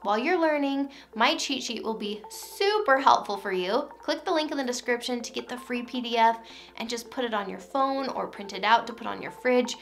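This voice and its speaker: A woman who is a parenting coach, giving calm, clear, encouraging instruction and modeling phrases to say to a child. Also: a little high. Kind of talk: scripted instructional talk.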